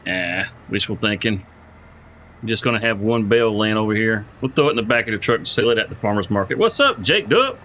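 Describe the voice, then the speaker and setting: A man hosts a live game stream, rambling casually and greeting viewers by name. His voice is bright and forward. Faint game noise sits quietly behind him. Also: fairly low pitch, expressive, quick pace, few pauses, rough recording. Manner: rambling, repeats words while thinking aloud. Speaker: livestreamer playing a farming game.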